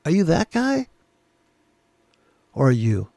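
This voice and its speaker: A man's voice: medium pitch, expressive, moderate pace, creaky, a little mellow, dry recording. A man giving casual chart commentary, blunt and profane, rambling with sarcastic asides. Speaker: trading educator.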